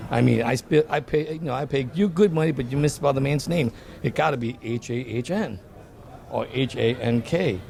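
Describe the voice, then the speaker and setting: A man's voice: mid-range voice, moderate pace, gravelly, darkish tone. A man, a guest telling stories in a casual interview and often repeating words as he starts a sentence. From Vietnam. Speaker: dental office design guest.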